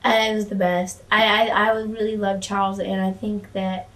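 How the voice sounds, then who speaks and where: Chatty and candid, a former wrestling valet guesting on a casual interview keeps restarting her sentences and swears without restraint. Her voice is medium-pitched, level, and fairly bright, at a moderate pace on a distant mic.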